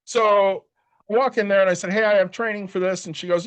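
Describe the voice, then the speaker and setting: High-pitched and fairly quick, a man co-hosting a podcast spins a long, profane story in casual conversation. He voices the other people's dialogue with animation, though he sounds worn out from a short night.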